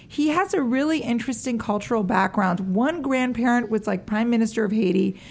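A woman's voice: a little high, fairly quick, a little mellow. A woman guest chatting about her acting work, talking in a loose, chatty way with frequent laughs. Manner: chatty, laughs often, says "like" a lot. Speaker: actress guest. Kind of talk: casual interview chat.

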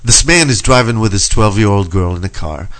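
A man's voice: on the low side, animated, a little fast, fairly bright tone. A man hosting a talk show in casual banter, stumbling over his words and chuckling as he tells jokes. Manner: stumbling, chuckling joke-teller. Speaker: radio show host.

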